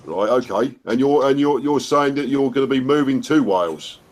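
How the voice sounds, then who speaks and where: A man's voice: mid-range voice, normal speed, a little mellow. Rambling English man hosting a chat. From United Kingdom. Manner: rambling, swearing, chummy. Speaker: host. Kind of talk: casual live-stream chat.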